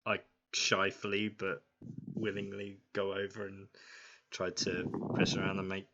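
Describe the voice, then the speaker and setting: A man mumbles his moves in a tabletop game, quiet and hesitant, with a lowish voice. His mic is dull and lo-fi, and a loud hiss with clicks sits under everything. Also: monotone, a little slow. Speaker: player.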